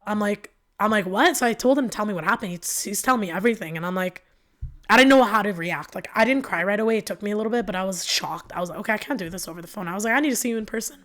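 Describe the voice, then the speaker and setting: A woman's voice: mid-range voice, rapid-fire. Young woman candidly recounting a painful breakup. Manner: emotional, animated retelling with many fillers and quoted dialogue. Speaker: podcast guest. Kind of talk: candid storytelling.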